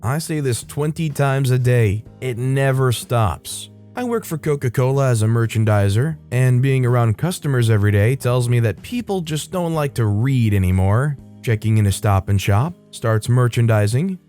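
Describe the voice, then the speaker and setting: A man's voice: mid-range voice, moderate pace, hardly any pauses, warm tone, faint music behind. A young man hosting a channel, reading online stories aloud and adding casual, wry commentary. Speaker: host.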